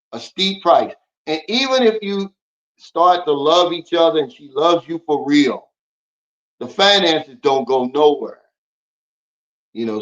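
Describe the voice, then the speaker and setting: A man hosting a casual livestream, talking bluntly and lecturing his viewers as he answers their comments. His voice sits a little high for a man. The audio is dull and lo-fi. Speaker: livestream host.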